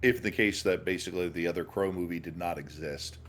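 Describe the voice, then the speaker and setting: A man's voice: deep voice, brisk, a little hiss or hum. A man co-hosting a podcast, chatting casually and asking short, joking questions. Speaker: podcast co-host. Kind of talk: casual chat.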